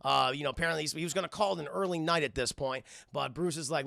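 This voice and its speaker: A male streamer talks his live chat through an episode in a loose, rambling and profane way. His voice is very gravelly and bright, sitting a little high, recorded close and dry. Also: fast, hardly any pauses, no room sound. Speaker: streamer and cartoon reviewer.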